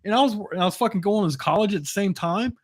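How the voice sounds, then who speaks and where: A man's voice: sits high, fast, breathy edge. Middle-aged guy cussing a lot telling a story, trips over his words. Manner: profane, storytelling with lots of cursing; restarts and repeats words. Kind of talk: casual chat.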